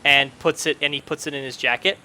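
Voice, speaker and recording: A man's voice: medium pitch, fairly even intonation, fairly quick, background noise. A man narrating as game master of a tabletop game, loose and hesitant, with many fillers and restarts.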